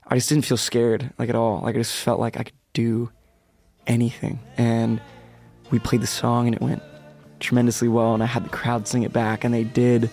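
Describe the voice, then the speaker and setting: Young man, twenties, singer guest, gravelly, dry close sound, excited storyteller. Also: medium pitch, moderate pace, dry recording, faint music behind. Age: 20s. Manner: animated, swears, acts out quotes in whispers.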